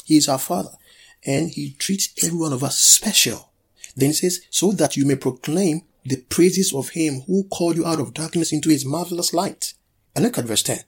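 Husky-voiced preacher man exhorting. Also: mid-range voice. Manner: exhorting, leads call-and-response. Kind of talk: sermon.

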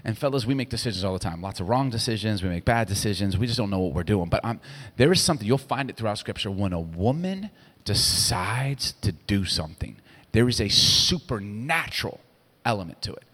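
A middle-aged man preaching a sermon, telling stories with lively swings from hushed to loud. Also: fairly low pitch, fairly quick. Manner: animated storytelling, swinging between hushed and loud. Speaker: pastor. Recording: long hall reverb.

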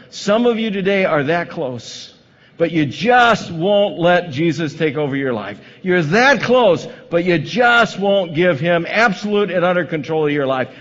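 A male pastor preaching a sermon dramatically, swinging from loud emphasis to hushed tones in a large hall on a dull, lo-fi recording. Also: high-pitched, animated, unhurried.

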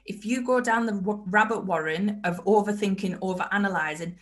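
A woman's voice: mid-range voice, a little fast, hardly any pauses. A woman hosting a motivational self-help talk, emphatic and fond of repeating her key phrases. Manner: emphatic, repeats phrases, acts out inner voices. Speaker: podcast host.

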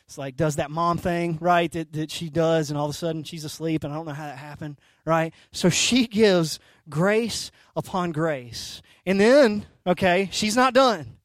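Here a pastor in his thirties with a fairly high pitch preaches with no echo around him. He narrates stories animatedly, his volume swinging from soft to loud, and he often slips in "right?" and "okay?".

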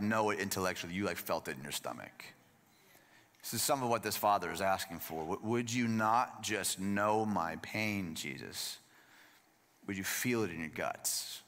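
Conversational male preacher in a reverberant hall. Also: fairly high pitch. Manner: conversational, emphatic, swings between hushed and lively. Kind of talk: sermon. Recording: long reverb of a large room.

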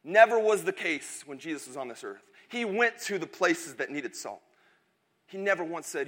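Slightly high-voiced joking male preacher. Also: expressive, moderate pace, a bit bright. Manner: chatty, joking storyteller. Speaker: pastor. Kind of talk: sermon with a humorous personal story.

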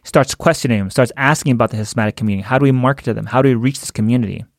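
Brief: man, mid-pitched, casual storyteller who chuckles now and then, close and dry. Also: very fast, no echo. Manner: conversational, chuckles while telling. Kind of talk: storytelling talk.

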